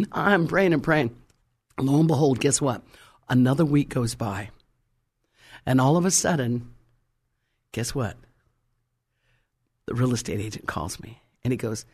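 Animated woman preacher telling a testimony. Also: low-pitched, normal speed. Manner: animated, dramatic, acts out dialogue; fervent prayer bursts. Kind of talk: testimony sermon storytelling.

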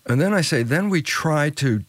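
An older man speaks as an interview guest, teaching through stories and voicing the people in them. His pitch leaps high and drops low for emphasis. The sound is close and dry. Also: animated, moderate pace, no room sound. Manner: acts out quoted dialogue, swings pitch widely for emphasis. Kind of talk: animated storytelling explanation.

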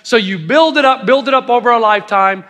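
A man's voice: very high voice, fast talker, bright, forceful tone, big-room sound. A middle-aged man preaching a sermon, telling stories with emphatic asides to the congregation. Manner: storytelling, emphatic with audience asides.

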